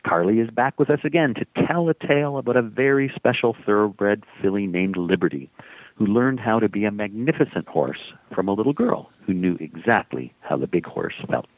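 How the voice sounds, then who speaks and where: A man presents a radio show in a lively, swooping voice that sits fairly low. His voice is husky and the sound is dry and tinny, like a phone line. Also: normal speed, dry recording.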